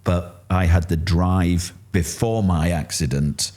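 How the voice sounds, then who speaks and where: A middle-aged man with a Yorkshire accent, telling his story candidly in an interview and acting out what others said. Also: slow pace. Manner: animated, acts out quotes with rising pitch. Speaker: interview guest.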